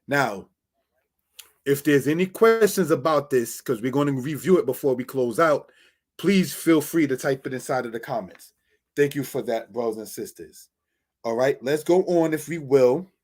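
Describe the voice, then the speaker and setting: A man's voice: mid-range voice, lively intonation, a little slow, pauses often, darkish tone. A man teaching a Bible Hebrew lesson over slides, addressing viewers as brothers and sisters, explaining words step by step.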